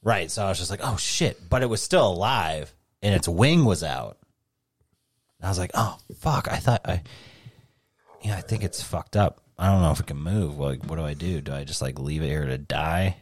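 A man's voice: deep voice, normal speed, no room sound. A man co-hosting a podcast, telling a rambling, swear-heavy story in casual chat. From New England. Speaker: podcast co-host.

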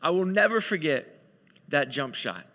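A man's voice: on the high side, animated, moderate pace, bright, forceful tone, long reverb tail. A man preaching a sermon in a conversational, storytelling way, often repeating himself.

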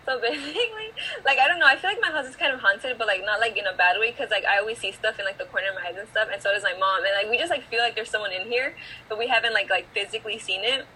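Teen girl podcast host rambling super fast, bright voice, like like like. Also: on the high side, a little hiss or hum, low-quality recording. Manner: rambling, filler-heavy storytelling full of "like". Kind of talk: casual chat, storytelling.

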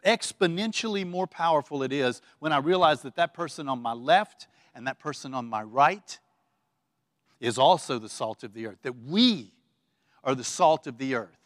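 A man's voice: mid-range voice, expressive, moderate pace, fairly bright tone, dry recording, studio quality, big-room sound. A pastor preaching a conversational sermon to his congregation, with many fillers and restarts, leading the room in call-and-response. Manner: casual, filler-laden, leads call-and-response. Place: church sanctuary.

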